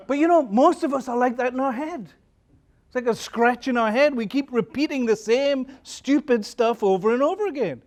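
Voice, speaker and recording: A man with a noticeably high voice gives a talk as a pastor. He tells stories in a loose, conversational way and keeps asking his listeners questions. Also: normal speed, darkish tone. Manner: conversational, storytelling, asks the audience questions. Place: conference hall.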